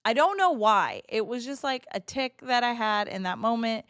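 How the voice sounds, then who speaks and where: A woman in her thirties chatting casually to a live chat, telling a story with laughs and quick asides. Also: fairly high pitch, expressive, a bit bright, clean tone, dry recording, studio quality. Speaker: streamer.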